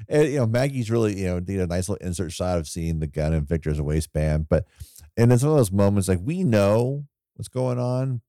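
A man with a very low, mellow voice talks through a movie in loose, rambling podcast chat. He retells scenes with quoted asides and laughs, recorded close and dry. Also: animated, normal speed, no echo. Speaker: podcast co-host. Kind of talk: casual film discussion.

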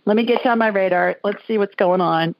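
A woman's voice: mid-range voice, quick pace, creaky, no room sound, lo-fi sound. A woman from Alabama hosting a call-in radio show, talking in a chatty, folksy way. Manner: chatty, folksy, laughs easily. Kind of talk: casual call-in chat.

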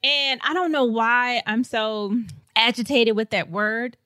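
A woman from St. Louis, Missouri, telling a travel story as a podcast guest in a lively, laughing way. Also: on the high side, unhurried, clean tone, no echo. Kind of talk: casual storytelling.

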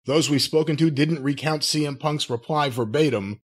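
A man's voice: on the high side, normal speed. A man co-hosting a podcast, talking in an incredulous, mocking and profane way. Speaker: podcast co-host. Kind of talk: casual podcast chat.

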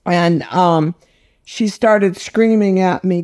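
A woman's voice: fairly low pitch, slow pace, a little mellow, no echo, clean studio sound. Older woman director, blunt and salty, chatting through stories. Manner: blunt, salty, storytelling with laughs. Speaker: film director, guest. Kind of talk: casual interview chat.

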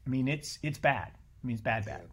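A middle-aged man talking as a podcast guest in a casual conversation, animated and blunt, swearing freely and often restarting his sentences. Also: medium pitch, brisk, husky.

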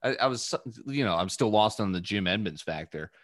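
A man in his twenties talks casually as a podcast host, with a fairly low voice. He rambles through stories, full of fillers and restarts. The recording sounds dry and close, with no room echo. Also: lively intonation, a little fast, fairly bright tone. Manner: rambling, filler-heavy storytelling. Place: home studio.

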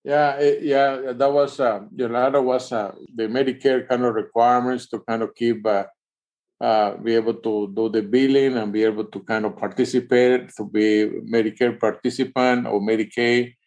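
A man physician joining the interview, talking haltingly with many fillers. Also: mid-range voice, steady tone, darkish tone. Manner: halting, full of fillers and "kind of". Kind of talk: conversational interview answers.

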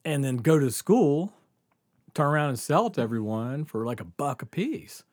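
Man, casual storyteller, lively and profane, laughing, dry close sound. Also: medium pitch, normal speed, dry recording. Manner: animated, laughing, acts out others' lines.

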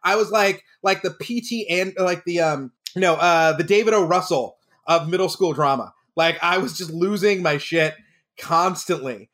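High-voiced man telling animated stories. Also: moderate pace. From Texas. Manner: animated, laughs through his own stories. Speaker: drama teacher and podcast regular. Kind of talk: casual comedic storytelling.

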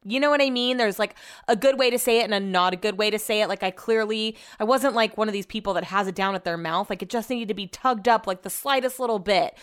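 A woman's voice: medium pitch, quick pace, clean tone. A woman hosting a podcast, telling a story in a chatty, casual way and swearing freely. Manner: chatty, profane, animated retelling. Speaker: podcast host.

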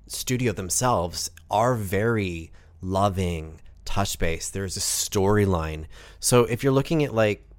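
A man's voice: lowish voice, clean tone, no echo. A man giving frank, matter-of-fact advice in a conversation. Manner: direct, matter-of-fact, advising.

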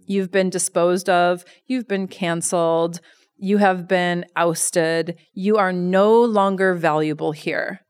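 A woman with a slightly low voice speaks as an interview guest. She tells stories with animation and pads her thoughts with frequent fillers. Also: fairly even intonation, slow pace, smooth. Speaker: guest, somatic educator. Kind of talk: conversational interview.

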